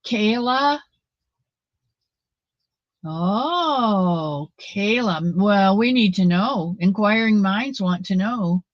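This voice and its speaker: Woman livestream host, slow rambling chat, dry close sound. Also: medium pitch, expressive, dry recording, muffled recording. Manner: rambling, chatty, many fillers, greets viewers by name.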